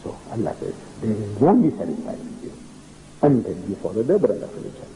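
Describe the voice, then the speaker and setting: An older man, giving an animated public religious lecture and telling stories with acted-out dialogue. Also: fairly low pitch, a little fast, a little hiss or hum, poor audio. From South Africa. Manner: animated storytelling, acting out dialogue. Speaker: preacher.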